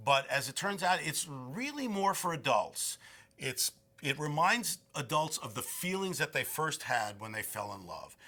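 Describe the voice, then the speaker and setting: A man's voice: a little high, sing-song, a little slow, sharp tone. A man in his sixties, a film director, giving rambling, effusive interview answers.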